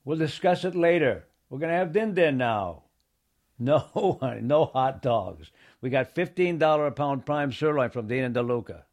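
A man's voice: medium pitch, animated, moderate pace, darkish tone, natural voice. Man playing a coaxing suburban dad, calling out. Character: suburban dad calling his family in to dinner.

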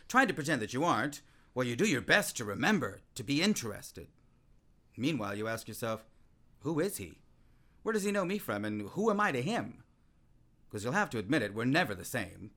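A man plays a restless, voluble man-about-town in a stage play. His voice sits a little high, and he talks in a bright, ringing tone. He trips over his own words as his lines swoop up and down. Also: exaggerated voice. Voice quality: voluble and excitable, with frequent restarts. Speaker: actor in a play. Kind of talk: theatrical stage-play acting.

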